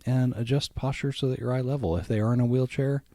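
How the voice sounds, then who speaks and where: A man's voice: medium pitch, fairly even intonation, fast, mellow, no room sound. A man hosting a podcast in casual chat, swearing freely and rambling through asides. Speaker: podcast host.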